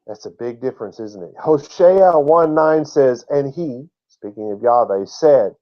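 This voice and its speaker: A man's voice: mid-range voice, animated, unhurried, few pauses, lo-fi sound. A man teaching a Bible lesson in a sermon style, emphatic and drawing out key words, and he laughs at his own slips.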